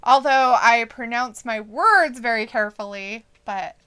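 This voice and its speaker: Woman, bright high voice, laughs a lot while reading chat, super casual. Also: unhurried, clear, resonant tone. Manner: giggly, laughs often, quotes the chat. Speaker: co-host of a wrestling watch-along stream.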